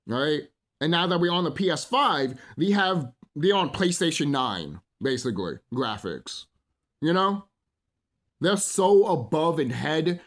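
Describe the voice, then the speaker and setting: Male channel host, higher voice with a swooping delivery, rambling and profane in his casual talk. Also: fairly bright tone. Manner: rambling and emphatic, heavy swearing; repeats phrases and asks "you know?". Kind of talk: casual unscripted monologue.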